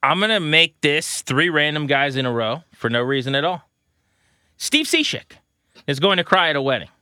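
Bright-voiced joking man in his thirties. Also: on the high side, big pitch swings, moderate pace, smooth, no room sound, clean studio sound. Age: 30s. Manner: joking, playful. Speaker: podcast co-host. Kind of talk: casual sports podcast chat.

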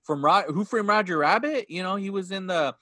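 A man's voice: high-pitched, a little fast, pushed and bright, no echo, studio quality. A man in his thirties chatting casually about a movie, acting out lines and laughing often. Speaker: podcast co-host. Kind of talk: casual movie review chat.

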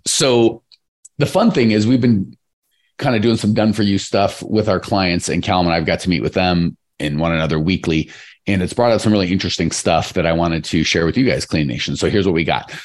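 Deep-voiced energetic male podcast host. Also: brisk. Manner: energetic, rambling, addresses listeners directly. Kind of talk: casual podcast chat.

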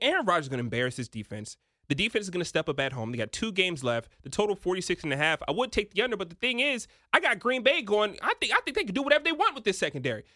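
A young man with a high, bright voice talks football picks with wide swings in pitch. He is emphatic and builds to excited near-shouts. The sound is close and dry. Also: dry recording. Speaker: sports betting analyst. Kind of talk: animated sports betting talk.

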